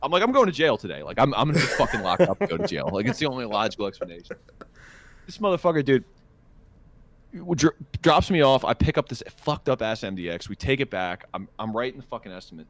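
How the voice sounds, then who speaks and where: A man's voice: mid-range voice, quick pace, slight background noise. A young man telling a long story on a casual podcast, swearing freely and acting out what people said. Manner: animated, profane, acts out quotes. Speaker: podcast co-host.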